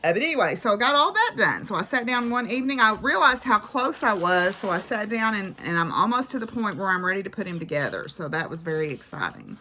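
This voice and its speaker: Chatty woman with a bright voice. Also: mid-range voice, very animated, quick pace, few pauses, slight background noise. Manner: chatty, rambling, frequent "uh" and "so". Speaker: crafting vlogger. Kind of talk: casual chat about craft projects.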